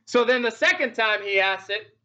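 A man's voice: high-pitched, animated, normal speed, pushed and bright, highs cut off. A man preaching a sermon in a conversational way, asking many rhetorical questions of his congregation.

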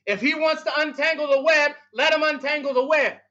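A man with a very high, sharp, bright voice delivers a sermon, hammering points home through repetition and sudden drops in volume. The recording sounds dull and lo-fi. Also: a little fast. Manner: emphatic, repetitive preaching with big swings in loudness. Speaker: pastor.

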